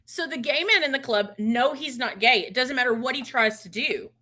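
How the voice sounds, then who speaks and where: A middle-aged woman co-hosting a podcast, telling stories in a relaxed, unhurried way with frequent restarts. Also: high voice. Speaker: podcast co-host. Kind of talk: casual chat.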